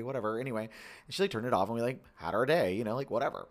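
A man's voice: medium pitch, very fast. A man in his thirties, co-hosting a podcast, telling a story in casual chat with lots of "like" and acted-out quotes. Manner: animated, full of "like", acts out quoted voices. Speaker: podcast co-host.

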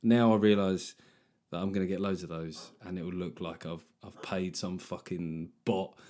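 A man's voice: sits low, steady tone, moderate pace, dark tone. A man hosting a podcast, talking in a loose, jokey, sweary way. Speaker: podcast host. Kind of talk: casual chat.

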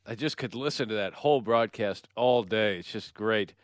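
A man hosting a casual sports podcast over a video call, playful and quick to laugh while replaying radio clips. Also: on the low side, dry recording, clean studio sound. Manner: playful, laughs, mimics announcer. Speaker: podcast host. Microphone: remote video call.

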